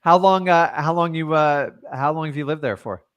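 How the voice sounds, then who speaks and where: A man coaching on real estate in a casual, blunt and animated way, taking live questions and peppering his talk with "like" and "man". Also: a little high, moderate pace.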